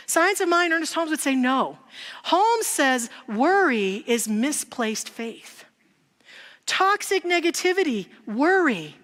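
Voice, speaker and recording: In a large sanctuary with long hall reverb, a high-pitched woman minister preaches a sermon. Her delivery is warm, conversational storytelling sprinkled with rhetorical questions.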